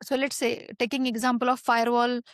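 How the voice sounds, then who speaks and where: A woman's voice: on the high side, flat delivery, brisk, no room sound. A woman guest expert answering interview questions in a hesitant way, with many fillers and restarts.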